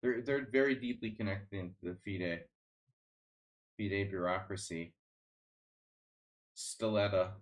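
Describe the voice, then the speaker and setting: A man's voice: lowish voice, takes it slowly, long pauses. A man streaming chess, chatting casually in a rambling, sardonic way, full of restarts and fillers. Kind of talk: casual live-stream chat.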